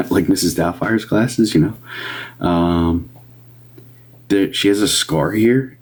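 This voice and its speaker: A deep-voiced man on a casual livestream, rambling through his readings with fillers. He pops up higher to welcome viewers and sometimes drops to a soft whisper. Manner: chatty, greets viewers in a higher upbeat voice. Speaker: medium doing live readings.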